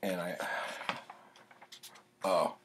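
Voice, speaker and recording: A man's voice: deep voice, flat delivery, very slow, noisy background. A man reading his old childhood poems aloud and commenting on them in a wry, self-mocking way.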